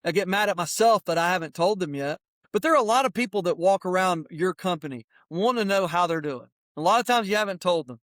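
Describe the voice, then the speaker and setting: Speaking in a high-pitched, animated, fairly bright voice, a middle-aged podcast host delivers rapid-fire opinions in a blunt, fiery, sermonizing style. The casual motivational talk is recorded in a studio with no echo.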